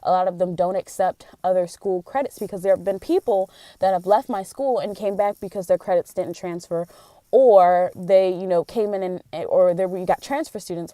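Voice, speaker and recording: A young woman speaks in a casual vlog, venting her frustrations openly and earnestly. Her voice is mellow and warm, and the recording sounds dry and close. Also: fairly low pitch, normal speed, no room sound. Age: young adult. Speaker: college theater student.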